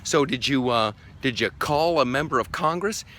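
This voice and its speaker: A man with a bright, forceful voice riffs in a sarcastic comedy vlog rant. His pitch leaps wildly between low grumbles and high mocking yelps. He sounds excitable and scornful throughout. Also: normal speed. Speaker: vlogger host. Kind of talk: comedic political rant to camera.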